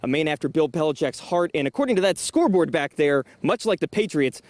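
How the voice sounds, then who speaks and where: A young man reporting sports news for local television in an upbeat, crisp delivery. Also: fairly high pitch, animated, brisk, darkish tone, dry recording.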